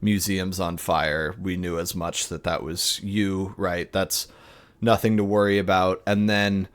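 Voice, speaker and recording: A man doing a gruff ex-mobster, stiffly polite. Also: low-pitched, a bit bright. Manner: halting, overly formal requests.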